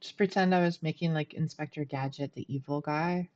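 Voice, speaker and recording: A woman's voice: deep voice, fairly even intonation, brisk, a little mellow, muffled recording. A middle-aged woman streaming a game from home, chatting casually, laughing often and poking fun at herself. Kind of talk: casual gameplay commentary.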